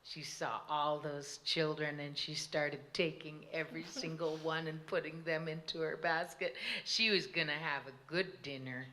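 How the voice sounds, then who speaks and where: A woman telling a traditional story as a tribal storyteller on a panel, animated and laughing often. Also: low voice, measured pace, hardly any pauses. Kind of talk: oral storytelling.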